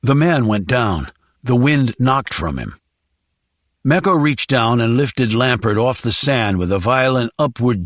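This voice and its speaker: Dry, measured male narrator. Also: mid-range voice, dry recording. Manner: measured, even storytelling. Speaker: audiobook narrator. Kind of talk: scripted narration.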